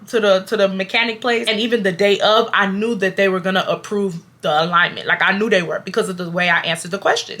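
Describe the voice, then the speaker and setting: A woman, telling a storytime to her viewers in a blunt, animated and profane way. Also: mid-range voice. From Houston, Texas. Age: 20s. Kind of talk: casual storytime.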